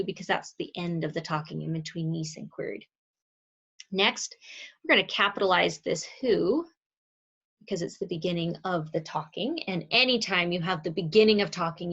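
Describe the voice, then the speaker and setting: A woman's voice: on the low side, vocal fry. A woman teaching a grammar lesson on video in a chatty way, stopping to correct her own slips. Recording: slightly dull lo-fi recording.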